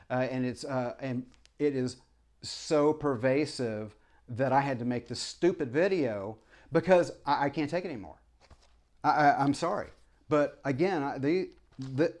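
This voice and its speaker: Speaking to camera in a meandering opinion piece, this former preacher turned vlogger keeps restarting, apologizes often, and throws out fervent rhetorical questions. He has a medium-pitched, a little mellow voice and takes his time.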